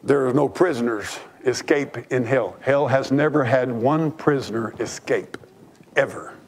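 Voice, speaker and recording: A pastor with a medium-pitched voice preaches a sermon from the pulpit of a church, unhurried, with slight background noise. He's emphatic and fervent, repeating his phrases for weight.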